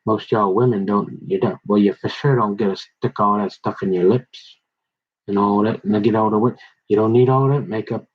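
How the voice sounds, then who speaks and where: A man's voice: lowish voice, fairly even intonation, moderate pace, husky. A middle-aged man rambling in a folksy, confrontational monologue full of slang, recorded on a dull lo-fi mic. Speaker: vlogger.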